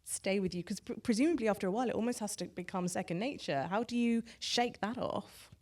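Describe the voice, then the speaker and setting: A woman of middle pitch who hosts a live on-stage interview. She asks her questions gently and sounds warmly admiring and enthusiastic toward her guest. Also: quick pace, far from the mic. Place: cinema auditorium with live audience.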